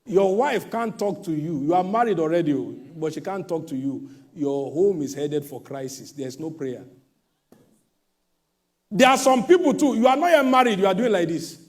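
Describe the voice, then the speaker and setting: A middle-aged male pastor preaching a sermon, swinging between mocking quoted voices and sudden shouts. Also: high-pitched, animated, moderate pace.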